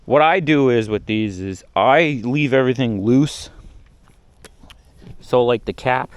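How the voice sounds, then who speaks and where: Guy rambling thru his septic job outside, clean clear voice, dry close mic. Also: mid-range voice, unhurried, no room sound. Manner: chatty, rambling, explains as he goes. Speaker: septic installer. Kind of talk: casual on-site vlog narration. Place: outdoors at a hillside job site.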